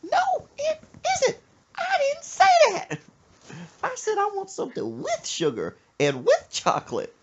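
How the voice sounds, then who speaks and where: Shrill cranky old mama. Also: female voice, wildly swooping pitch, normal speed, hardly any pauses, slight background noise. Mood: demanding. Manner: shrieking, scolding, squawking. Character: cranky shrill old mother, hot-tempered. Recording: muffled lo-fi podcast audio.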